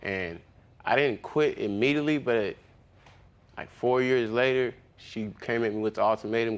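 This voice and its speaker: A man's voice: mid-range voice, moderate pace. A young man speaking casually in his testimony on a courtroom TV show, rambling with lots of fillers and slang. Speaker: litigant.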